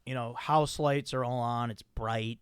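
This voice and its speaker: A man hosting a podcast, telling a story in a profane, animated way with many restarts. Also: mid-range voice, measured pace, clean tone, no echo, studio quality. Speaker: podcast host. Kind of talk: casual chat.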